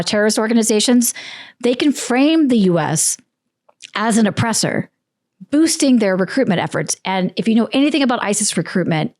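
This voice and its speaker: A woman's voice: fairly low pitch, dry recording. Sarcastic woman host, dry close sound. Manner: sarcastic asides, lively emphasis. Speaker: book commentary host. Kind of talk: casual scripted commentary.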